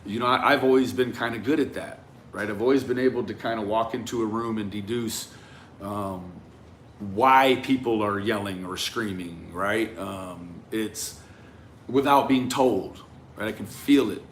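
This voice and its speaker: A man talking through a case in a reflective, conversational monologue, often tagging his points with a questioning "right?" and trailing off into quiet asides. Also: on the low side, unhurried, a little hiss or hum. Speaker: commentator on a true-crime case. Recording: roomy echo with faint ambience.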